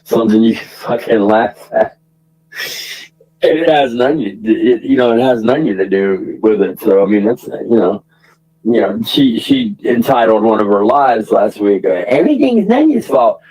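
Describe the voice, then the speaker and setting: A man's voice: lowish voice, expressive, moderate pace, warm tone, rough recording. A man ranting casually to his stream audience, rambling through restarts and profanity and laughing often. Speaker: livestream commentator.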